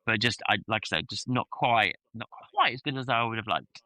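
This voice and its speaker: A man's voice: mid-range voice, animated, a little fast, pushed and bright, no room sound, poor audio. A man, co-hosting a podcast as an event rider and talking candidly and self-critically in casual chat, with many fillers and the odd swear word.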